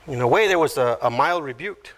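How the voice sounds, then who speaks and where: A man preaching a sermon as pastor, unhurried and teaching verse by verse, animated as he acts out quoted voices. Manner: animated, acts out quoted voices with sudden high pitch jumps.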